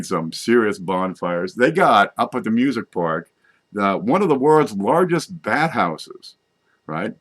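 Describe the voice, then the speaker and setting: A man's voice: low-pitched, fairly bright tone. A middle-aged man talking in a loose, folksy, joking monologue, wandering from idea to idea and correcting himself as he goes. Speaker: vlogger. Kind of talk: rambling comic monologue.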